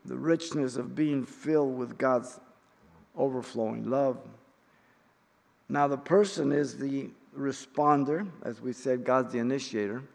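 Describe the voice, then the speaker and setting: A middle-aged man teaching an in-depth Bible study, speaking in a measured, emphatic way with pauses and occasional fillers. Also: mid-range voice, vocal fry. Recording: long reverb in a hall.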